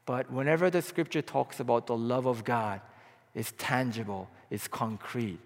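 A man preaching a sermon as pastor, impassioned, swinging between hushed, low passages and loud, rising appeals. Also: normal speed, vocal fry. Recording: long hall reverb.

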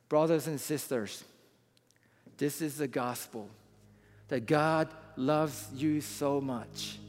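Impassioned preacher in a reverberant hall. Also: male voice, a little high. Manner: impassioned, rising to loud appeals. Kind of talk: sermon with illustration story. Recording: long hall reverb, faint music.

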